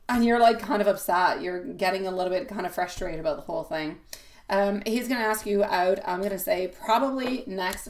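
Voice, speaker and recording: A woman hosting a live tarot reading, talking casually and warmly to viewers and calling them sweetie pie, with many fillers and frequent laughs. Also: fairly low pitch, slight background noise. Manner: chatty and affectionate, calls viewers sweetie pie; laughs often, loose rambling talk with fillers.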